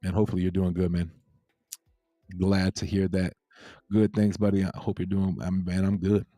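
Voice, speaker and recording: Laid-back low-voiced man hosting. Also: level tone, normal speed, dark tone, no room sound, clean studio sound. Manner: laid-back, repeats himself, reads chat aloud. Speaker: crypto livestream host. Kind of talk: casual livestream chat with viewers.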